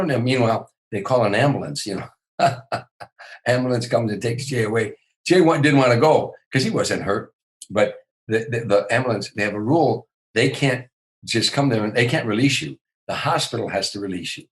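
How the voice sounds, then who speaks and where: A man's voice: lowish voice, low-quality recording. An older man, a comedian, telling stories in a podcast interview, often repeating words as he starts a sentence. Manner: animated storyteller, repeats words when starting. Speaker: comedian guest.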